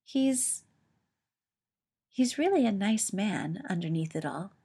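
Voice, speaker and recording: A woman's voice: medium pitch, animated, takes it slowly, mellow, slightly rough, exaggerated voice. A woman voicing a composed woman officer who speaks politely and formally. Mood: measured.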